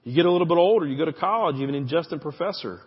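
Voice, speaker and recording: A pastor preaching a conversational sermon, with frequent direct asides to the congregation. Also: male voice, a little high, expressive, very fast, slightly rough, long reverb tail, muffled recording.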